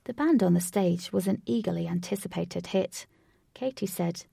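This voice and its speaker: Woman, storybook narrator, expressive reading, mellow tone, dry recording. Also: lowish voice, normal speed, vocal fry, slightly rough, no echo. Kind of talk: storybook read-aloud narration.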